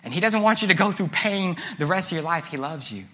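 A young man preaching a sermon, reading scripture aloud, swinging between loud emphasis and hushed, near-whispered moments. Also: high-pitched, animated, fast talker.

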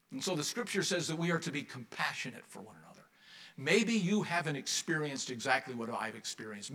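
A male pastor delivers a sermon to his congregation in a church. His voice is bright and forward, and he keeps the tone conversational, putting questions to the listeners and slipping in wry asides. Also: mid-range voice.

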